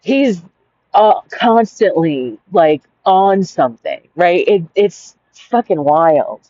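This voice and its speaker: A woman's voice: lowish voice, expressive, slow, dark tone. A woman reading her own anecdote aloud and breaking off into rambling, giggly asides full of fillers. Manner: digressive, giggly, many "like" and "right?" fillers. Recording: dull lo-fi home recording.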